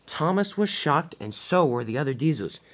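An amateur storyteller narrating a toy-train story in a plain, hurried way, with slips and restarts. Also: medium pitch, sing-song.

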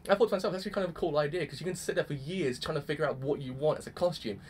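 A young man casually reviewing an anime episode, excitable and gushing, peppering his talk with "freaking". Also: on the high side, rapid-fire, a little hiss or hum.

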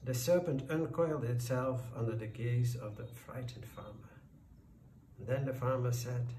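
A man narrating a folk tale in a slow, deliberate storytelling voice. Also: mid-range voice, warm tone. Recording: roomy, distant, faint background noise.

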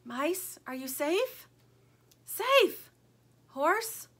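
A woman's voice: extremely high pitch, very animated, very slow, pushed and bright, voice pushed up, full character voice. A woman voicing a small, anxious male toy buffalo who blurts out frantic, breathless words. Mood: calling, hopeful.

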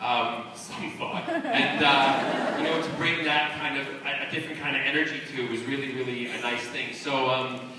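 A man chatting and telling jokey stories as a celebrity guest on a live convention panel, with quick restarts. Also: mid-range voice. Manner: animated, joking storyteller with quick restarts. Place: large convention hall with audience. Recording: echoey hall from far off, loud crowd and noise.

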